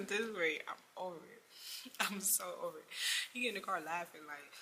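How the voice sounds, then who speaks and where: A young woman telling an exasperated story about a bad date in a storytime vlog, lively and full of slang. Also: fairly low pitch, brisk, slight background noise. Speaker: vlogger.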